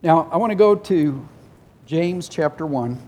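Animated, high-pitched man preaching. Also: a little slow. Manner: emotional, tearful at times, earnest; emphatic repetition, voices God and people in quotes. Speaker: pastor. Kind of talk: sermon.

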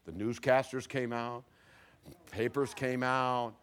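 A male pastor preaching a sermon, telling stories animatedly and dropping very soft at dramatic moments. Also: mid-range voice, takes it slowly, clean tone. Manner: animated storyteller, acts out voices, drops very soft for dramatic moments. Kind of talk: sermon with storytelling.

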